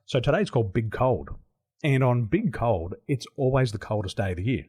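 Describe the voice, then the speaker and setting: A man's voice: medium pitch, moderate pace, breathy edge. A man from Australia with an Australian accent, a guest in a casual interview, telling stories with lots of laughter. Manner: animated storyteller who laughs often. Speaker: podcast guest. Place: home in Taiwan.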